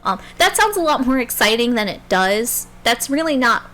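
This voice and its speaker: A woman streamer casually recapping a video game, animated and freely swearing, telling it like a story. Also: a little high, moderate pace, slight background noise.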